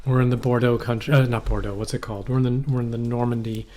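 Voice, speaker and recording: A man's voice: medium pitch, flat delivery, quick pace, crowd noise. A middle-aged man co-hosting a podcast, telling rambling stories with swearing and acted-out quotes. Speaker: podcast co-host. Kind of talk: casual chat. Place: cold shack.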